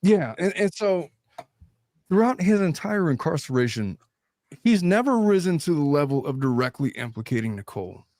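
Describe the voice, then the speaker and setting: A man in his thirties hosting a casual podcast discussion, animated, swearing freely and laughing between points. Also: on the high side, normal speed, no room sound. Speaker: host.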